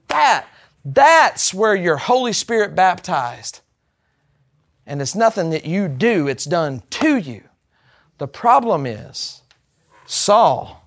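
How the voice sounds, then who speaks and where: Emphatic man teaching a Bible class. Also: high-pitched. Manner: emphatic, with rhetorical questions to the group.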